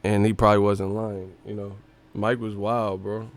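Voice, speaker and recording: A man's voice: lowish voice, normal speed. Profane young man riffing on boxing. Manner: profane, animated, slips into impressions. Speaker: boxing live stream host. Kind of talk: casual live-stream commentary.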